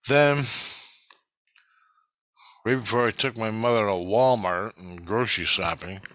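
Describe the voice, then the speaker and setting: A man's voice: fairly low pitch, measured pace, a bit bright, no echo. A man rambling through a personal story in the first person, swearing freely and often restarting his sentences. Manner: profane, restless, with frequent restarts and self-corrections. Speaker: vlogger recounting personal spiritual experiences.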